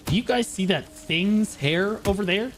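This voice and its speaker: High-pitched excitable male streamer. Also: unhurried, soft background music. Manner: excitable, swings between shouting trash talk and muttering. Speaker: streamer playing an online game. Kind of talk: live gameplay commentary.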